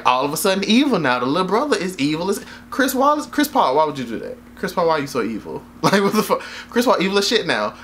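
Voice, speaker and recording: A man's voice: fairly high pitch, pushed and bright, slight background noise. A young man casually recapping a movie in a rambling, slangy, profane way, full of fillers and laughing at his own jokes. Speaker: vlogger reviewing a movie.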